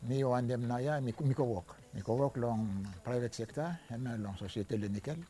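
An older man from Vanuatu with a Bislama-speaking Ni-Vanuatu accent, recounting his life story in a halting way, with restarts and fillers. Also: medium pitch, mellow. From Vanuatu (New Hebrides). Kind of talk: recounting personal history.

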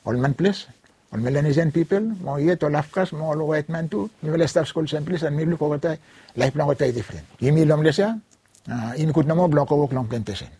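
An older man from Vanuatu with a Bislama pidgin accent, recalling his career as a lawyer in a halting, repetitive way, mixing in French words. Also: fairly high pitch, mellow, breathy edge, no room sound. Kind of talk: oral history recollection.

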